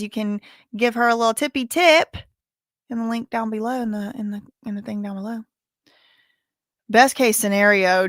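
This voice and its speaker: A woman hosting a casual livestream, thanking viewers and talking in a halting, emotional way full of "like". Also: on the high side, a bit bright, no room sound, studio quality. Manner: chatty, halting, heavy use of "like", openly emotional. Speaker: livestream host reading viewer donations.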